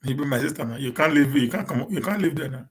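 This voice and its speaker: A man from Edo State with a Nigerian accent that mixes in Pidgin English. He hosts a casual live-stream Q&A, stammers, repeats and restarts words, and talks fast on purpose so he does not get stuck. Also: mid-range voice. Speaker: live-stream host answering viewers.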